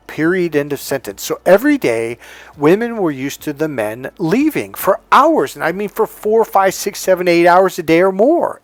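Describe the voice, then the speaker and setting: A man talking casually as a dating coach, telling a story with lively asides and quoted voices. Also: high voice, dry recording. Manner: animated, mimics voices in quoted dialogue, laughs often.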